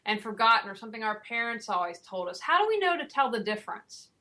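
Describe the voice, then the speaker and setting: A woman hosts an interview in a bright, slightly high voice. She asks thoughtful, probing questions and searches for her words as she talks. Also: very animated, quick pace. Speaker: interviewer host.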